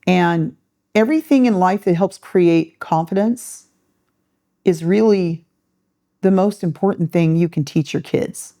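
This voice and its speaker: A woman's voice: fairly low pitch, unhurried, warm tone. A middle-aged woman hosting a podcast, telling a story in a casual way, acting out the voices she quotes and laughing often. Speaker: podcast host.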